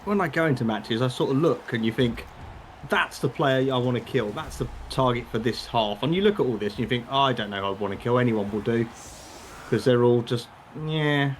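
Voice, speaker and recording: A man's voice: medium pitch, a little fast, slight background noise. A man from Britain co-commentating a video game match, dry and teasing, with thoughtful tactical takes.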